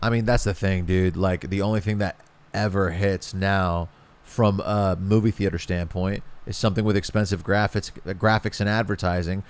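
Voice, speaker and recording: A man's voice: deep voice, fairly even intonation, normal speed, clean tone. A man co-hosting a comedy podcast, talking in a laid-back, slangy way. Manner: laid-back, slangy, says dude a lot. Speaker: podcast co-host. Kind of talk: casual comedy chat.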